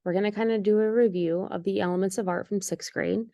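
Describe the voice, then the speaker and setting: A woman's voice: mid-range voice, fairly even intonation, quick pace, mellow, no echo, muffled recording. A woman teaching an art lesson in a recorded video, giving patient, step-by-step instructions with the odd "um".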